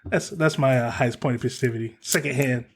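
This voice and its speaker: A man's voice: medium pitch, quick pace, breathy edge. A man hosting a casual podcast, telling a story in a heated way and swearing freely. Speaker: podcast host.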